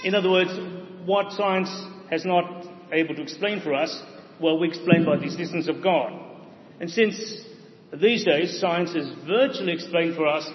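A man preaching a sermon, with a voice pitched a little higher than most men's. He explains his points in a measured, steady way and pauses often with "uh". The sound is a bit dull and rings with a long hall echo.

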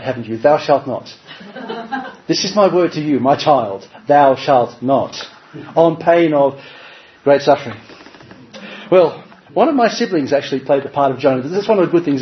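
A man preaching a sermon at a church service, earnest and measured, often pausing on rhetorical questions. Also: mid-range voice. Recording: slightly dull recording with faint background hum.

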